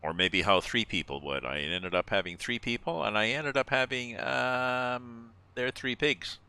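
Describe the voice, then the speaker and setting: A man's voice: medium pitch, measured pace, bright, forceful tone, smooth. A man streaming a farming game, chatting casually and thinking aloud as he goes. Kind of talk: casual gameplay chat.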